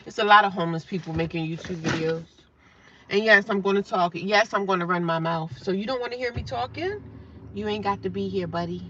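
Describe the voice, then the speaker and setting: A woman's voice: mid-range voice, fairly bright tone, lo-fi sound, slight background noise. A woman from New Jersey live-streaming, bluntly ranting at trolls and chatting casually with viewers.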